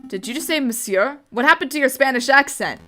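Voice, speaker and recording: A woman's voice: high voice, animated, brisk, sharp tone, soft background music. A woman voicing a young, eager male sparrow assistant who sounds puzzled and curious.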